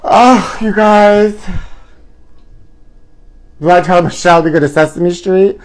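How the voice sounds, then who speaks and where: A man's voice: sits high, slow pace, long pauses. A man hosting his own live stream, chatting in a campy, gossipy, theatrical way and calling his viewers honey. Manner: calls viewers honey and trashies. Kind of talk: casual live-stream chat. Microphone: own camera.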